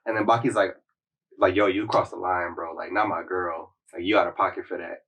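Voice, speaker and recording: A man's voice: low-pitched, fairly even intonation, brisk, fairly bright tone, husky, far from the mic, dull audio. A man hosting a podcast, casually retelling a story in a slangy, rambling way with lots of "like.". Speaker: podcast host.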